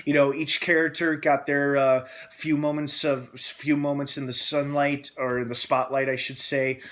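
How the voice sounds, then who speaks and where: A young man hosting a casual film review, excitable and gushing, acting out scenes as he retells them. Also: medium pitch, normal speed.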